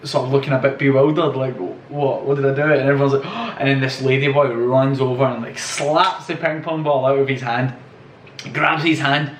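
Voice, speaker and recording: A man's voice: mid-range voice, fairly even intonation, normal speed, slight background noise. A young man telling travel stories in a rambling way, swearing and laughing as he goes. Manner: rambling, profane, laughing storyteller. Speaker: travel vlogger. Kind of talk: casual anecdote storytelling. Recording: roomy echo, distant from the mic.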